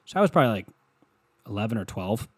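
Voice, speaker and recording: A man's voice: on the low side, sing-song, fast talker, husky. A young man from Ohio telling a long, rambling, profane story about his school days in a casual monologue. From Ohio, USA. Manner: profane, rambling, self-mocking.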